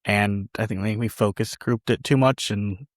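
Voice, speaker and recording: A man's voice: on the low side, steady tone, moderate pace, dry recording. A man co-hosting a movie podcast in casual chat, rambling with hedges and dry teasing. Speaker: podcast co-host.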